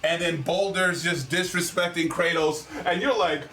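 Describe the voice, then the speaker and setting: Man, excitable rambling talk, high voice, echoey and off-mic, crowd chatter behind. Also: normal speed. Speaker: co-host of a gaming debate stream. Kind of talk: casual group chat.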